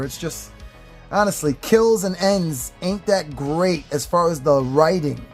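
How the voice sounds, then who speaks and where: A movie and toy reviewer talking casually to camera in a blunt, opinionated rant, swearing often and rambling with fillers and restarts. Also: medium pitch. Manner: rambling, with fillers and self-corrections. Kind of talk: casual ranting chat to camera.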